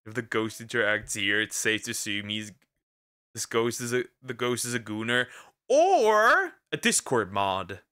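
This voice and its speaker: A man reacting to a video with crude jokes and sudden loud outbursts. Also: on the low side, monotone, moderate pace, clean tone. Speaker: reaction streamer. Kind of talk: casual reaction commentary.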